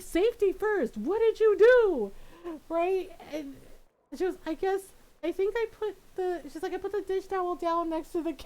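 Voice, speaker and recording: A middle-aged woman streamer telling a family story in casual chat, laughing often and acting out what people said. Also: extremely high pitch. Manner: animated, laughs often, acts out quoted voices.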